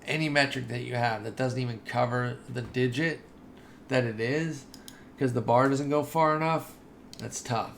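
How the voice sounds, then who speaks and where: A man giving casual, chatty commentary over his own game playthrough, excitable and talking straight to his viewers. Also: mid-range voice, normal speed, creaky, a little hiss or hum. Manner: chatty and excitable, says dude and y'all. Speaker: gaming video host.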